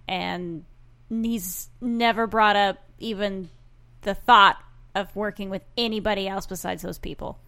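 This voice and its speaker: Woman cohost on a recap podcast, smooth clear voice, talks it through calmly. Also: medium pitch, unhurried. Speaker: podcast co-host. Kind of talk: casual recap chat.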